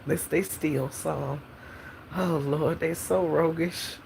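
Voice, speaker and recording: A woman's voice: sits low, fairly even intonation, slow, vocal fry, a little mellow, a little hiss or hum, poor audio. A middle-aged woman, freestyling a profane, sassy comic story with frequent laughter. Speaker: podcast host telling a story in character.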